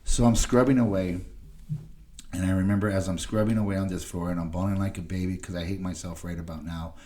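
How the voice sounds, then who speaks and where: A man with a low, steady, mellow voice talks fast as a podcast guest, bluntly rambling through an emotional personal story. He swears and keeps tagging "right?" onto his sentences.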